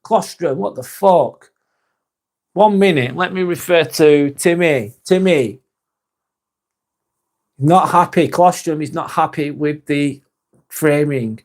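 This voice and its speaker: Male host of a live vlog, slightly high voice, relaxed chatter with viewers and the odd swear. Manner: chatty, swears casually, reads comments aloud. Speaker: live stream host reading chat. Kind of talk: casual live chat.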